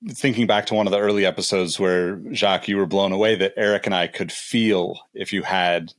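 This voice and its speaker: A man's voice: deep voice, fairly even intonation, brisk, no echo, studio quality. A man co-hosting a podcast, explaining things in a casual way with many fillers. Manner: explanatory, lots of "you know". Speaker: podcast co-host.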